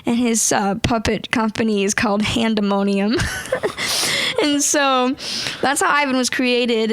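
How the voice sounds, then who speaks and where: A young woman, a ventriloquist guest, chatting in an interview, bubbly and quick to laugh as she tells stories. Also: on the high side, fairly bright tone, clear, resonant tone, no echo. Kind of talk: casual interview chat.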